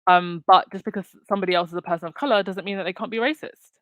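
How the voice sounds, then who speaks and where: A woman's voice: lowish voice, steady tone, very fast, fairly bright tone, dry recording. A woman hosting her own commentary channel, talking casually with lots of fillers and restarts. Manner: chatty, many fillers and restarts. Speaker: channel host.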